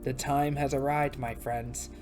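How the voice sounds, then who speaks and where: A woman voicing an ancient, scheming male villain who speaks in a grand, slow, menacing way. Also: rumbling low, fairly even intonation, a little mellow, soft background music.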